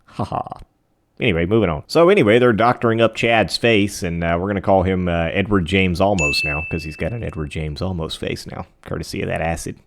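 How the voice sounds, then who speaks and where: A man's voice: low voice, brisk, background noise. A man casually recapping a movie for laughs, rambling with fillers and sarcastic, self-deprecating asides. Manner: sarcastic, rambling, mocks the film.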